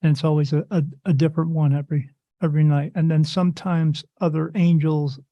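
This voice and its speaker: A man with a slightly high voice talks fairly quickly on a dry, lo-fi recording. He's a spirit medium appearing as a podcast guest, chatting casually and telling rambling stories, often restarting sentences. He's an animated storyteller who acts out the voices of the other people in his tales.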